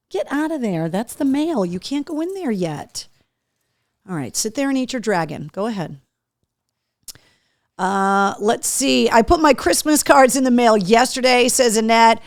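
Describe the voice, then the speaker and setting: A woman's voice: on the high side, expressive, normal speed, dry recording, clean studio sound. A woman hosting a casual live show, chatting to her dogs in a coaxing voice and reading out viewer comments. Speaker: host. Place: home studio room.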